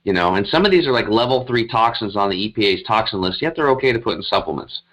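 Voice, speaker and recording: Low-voiced man telling his story. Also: fast talker, highs cut off. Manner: animated, rambling, emphatic retelling. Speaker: guest. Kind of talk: conversational storytelling.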